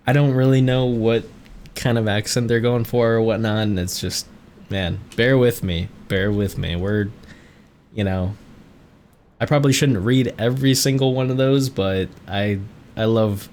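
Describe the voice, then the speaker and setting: A man streaming a game, chatting casually and reading tutorial text aloud in a relaxed way. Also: on the low side, a little hiss or hum.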